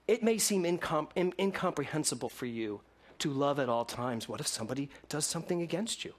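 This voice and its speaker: A male minister delivers a sermon with a voice pitched a little high for a man. His delivery is expressive, rising to loud emphasis and dropping to near-hushed lines. He speaks to a congregation. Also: fairly quick.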